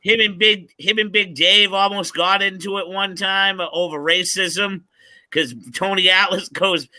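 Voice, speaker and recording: A male host chats slowly and easily with his guests, laughing often. His voice is high and very bright and sharp. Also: steady tone. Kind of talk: casual chat.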